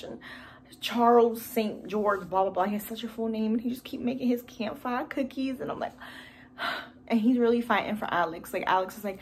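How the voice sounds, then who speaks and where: A woman's voice: fairly high pitch, moderate pace, slight background noise. A woman vlogging casually at home, reviewing a TV series in a gushing, emotional, rambling way with sighs and fillers. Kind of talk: casual chat. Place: home room with TV behind camera.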